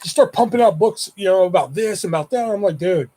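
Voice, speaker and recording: A man tells a winding personal story straight to his viewers, swearing freely as he goes. He acts out his friends' lines in the middle of telling it. His voice sits a little high for a man. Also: expressive, quick pace, dark tone. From Houston area. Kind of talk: casual storytelling.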